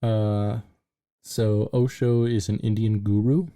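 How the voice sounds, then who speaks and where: A man's voice: lowish voice, little pitch movement, takes it slowly, warm tone, clean tone. A man co-hosting a podcast in casual chat, talking in a loose, filler-heavy way and joking crudely. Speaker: podcast co-host.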